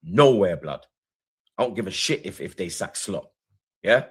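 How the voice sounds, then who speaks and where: A man's voice: low-pitched, animated, a little slow, breathy edge. A man, co-hosting a reaction show, boasting defiantly about his football club. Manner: boastful, defiant trash talk. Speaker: reaction channel co-host. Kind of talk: casual football banter.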